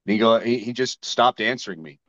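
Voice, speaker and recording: Brisk and blunt, a guest fighter from Canada relates stories in a casual interview, taking on both voices as he retells his talks with others. His voice is mid-range with a fairly bright tone, though the audio itself comes across dull.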